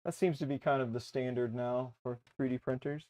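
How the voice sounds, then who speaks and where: A man co-hosting a casual live stream, chatting in an easygoing, offhand way. He talks half to himself while he tinkers with a device, and his voice sits at a middling pitch. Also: fairly quick. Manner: relaxed, tinkering while talking. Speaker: co-host.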